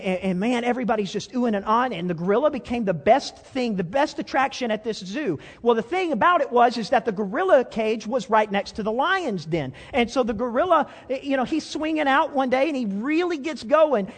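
A man's voice: extremely high pitch, animated, normal speed, few pauses, long reverb tail. A man preaching a sermon as a pastor, telling a story in a folksy way with frequent stammered restarts.

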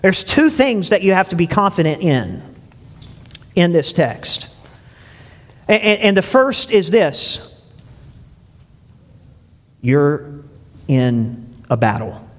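Chatty preacher man in a reverberant church. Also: sits high. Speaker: pastor. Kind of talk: sermon. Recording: long reverb of a church hall.

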